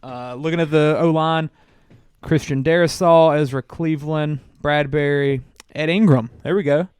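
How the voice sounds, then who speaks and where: Guy on a sports podcast going down a roster, clean smooth voice, dry close sound. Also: fairly high pitch, fairly even intonation, moderate pace, darkish tone, no room sound. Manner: reads through a team roster, musing aloud with many "uh"s. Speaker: podcast co-host. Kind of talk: casual sports chat.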